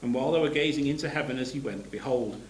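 A man's voice: medium pitch, fast, a little hiss or hum. Man preaching in an echoey room. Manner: reads scripture aloud between plain explanations, with restarts. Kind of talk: sermon.

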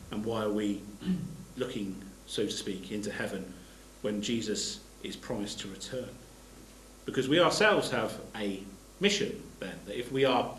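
A man's voice: on the low side, reverberant, a little hiss or hum, rough recording. A man giving a sermon. He reads scripture aloud and explains it plainly, stopping to restart his phrases. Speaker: preacher.

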